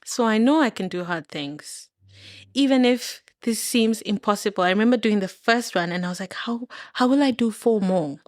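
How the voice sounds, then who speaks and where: A woman from Kenya, a podcast guest, telling stories in a casual chat, animated and laughing often as she acts out the dialogue. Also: mid-range voice, moderate pace, no room sound, clean studio sound.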